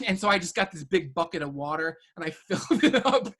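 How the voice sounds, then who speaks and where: A man's voice: high-pitched, lively intonation, fast, fairly bright tone. A man telling stories as a podcast guest, hesitant and often restarting his sentences. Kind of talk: casual storytelling chat.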